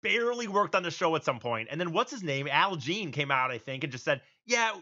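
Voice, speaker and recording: Bright-voiced male podcast co-host. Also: fairly high pitch, animated, fast talker, highs cut off. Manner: explains with restarts, recounting news. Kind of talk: casual podcast chat.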